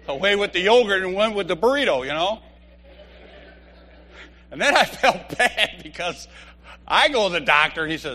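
A man in his fifties giving a humorous church testimony, an animated storyteller who laughs often. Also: sits high, normal speed, pauses often.

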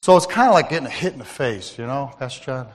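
In a large hall, a lay speaker at church gives a sermon-style testimony, his medium-pitched voice expressive and quick. He tells his story conversationally, calling out to listeners by name.

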